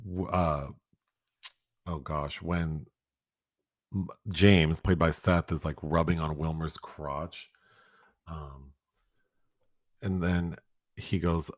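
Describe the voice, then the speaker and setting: Deep-voiced guy on a podcast, animated, acts out movie quotes, dry close sound. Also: takes it slowly, pauses often, dry recording. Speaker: podcast co-host. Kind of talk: casual film review chat.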